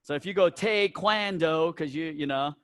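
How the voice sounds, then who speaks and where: A man's voice: on the high side, steady tone, fast talker, no room sound. A man from the American South who runs a taekwondo school, talking his instructors through teaching points in a casual, instructive way and checking in with "right?" and "all right?" as he goes. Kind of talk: instructor meeting talk.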